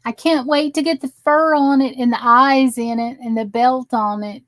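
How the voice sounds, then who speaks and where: A woman's voice: high voice, fairly even intonation, moderate pace, a bit bright, no room sound, poor audio. A tired woman chatting casually with viewers while she crafts on a live stream. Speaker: crafting livestream host.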